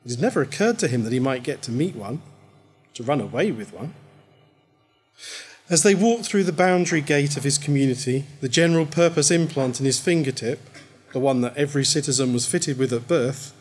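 A man reading his own short story aloud at a live event, in a measured storytelling manner. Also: mid-range voice, husky.

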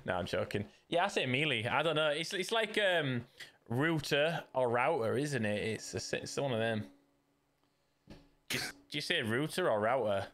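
A Yorkshire-accented streamer chats casually while playing a video game, joking and tripping over restarts. His medium-pitched voice swings widely in pitch at a normal speed, with a bright, forceful tone.

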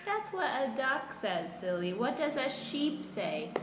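A woman's voice: high-pitched, sing-song, unhurried, fairly bright tone. A mother playfully quizzing her toddler in a home video, asking coaxing sing-song questions. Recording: roomy home recording, faint noise.

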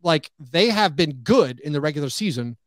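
A man talking as a guest on a podcast, animated, full of "like" and acting out what other people say. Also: on the high side, normal speed, no echo. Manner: animated, acts out quoted remarks, heavy use of "like". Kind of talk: casual podcast chat.

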